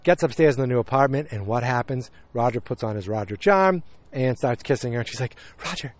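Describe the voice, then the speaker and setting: A man's voice: mid-range voice, lively intonation, brisk, no echo. A man casually retelling a TV episode, rambling with lots of fillers and quoted lines. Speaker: podcast host recapping a TV episode. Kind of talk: casual chat.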